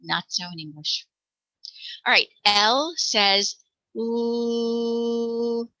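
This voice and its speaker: American woman teacher, slow and patient, very bright tone, dry close sound. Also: medium pitch, animated, dry recording, low-quality recording. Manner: patient, demonstrates sounds aloud. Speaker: reading teacher. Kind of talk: explaining letter sounds to parents.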